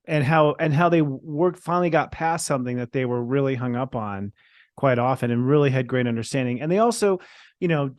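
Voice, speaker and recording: A man's voice: mid-range voice, darkish tone, dry recording, clean studio sound. A man hosting a casual interview, asking questions in a curious, chatty way. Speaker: interview host.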